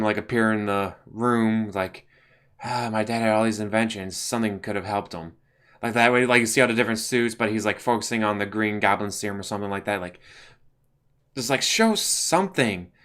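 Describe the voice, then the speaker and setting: A channel host runs a casual movie commentary, his mid-range voice carrying a slight brightness. He rants bluntly, swears, and stuffs his talk with "like."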